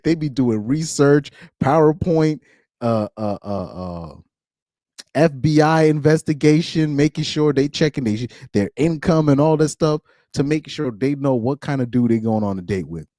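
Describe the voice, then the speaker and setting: A man's voice: medium pitch, animated, moderate pace, warm tone, no room sound, clean studio sound. A man giving blunt, ranting reaction commentary, laughing often between points. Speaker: commentary streamer.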